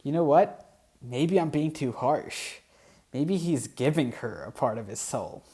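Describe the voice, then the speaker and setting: A man's voice: medium pitch, expressive, a little slow, mellow. A man who comments on the online posts he reads aloud, with dry, sarcastic asides. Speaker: YouTube commentator.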